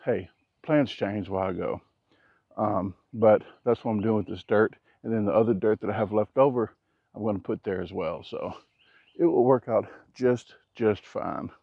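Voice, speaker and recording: A man with a fairly low voice talks casually to camera at an outdoor building site, rambling between tasks and dropping jokes at himself. He keeps his naturally loud voice reined in. The action-camera audio sounds dry and a bit dull. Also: moderate pace, creaky, no echo. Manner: joking, rambling, self-deprecating asides. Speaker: vlogger. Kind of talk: casual vlog talk to camera.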